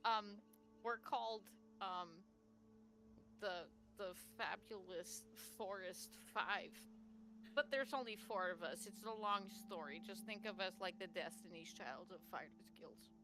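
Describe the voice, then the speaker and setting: A woman voicing a dramatic female squad captain who speaks in a slow, grand, theatrical way. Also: medium pitch, over music, lightly acted. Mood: flustered.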